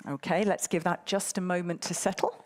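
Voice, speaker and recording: A woman's voice: on the low side, steady tone, a little fast, darkish tone. A woman moderating a live conference, bantering and teasing the audience in a playful way. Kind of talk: live event hosting.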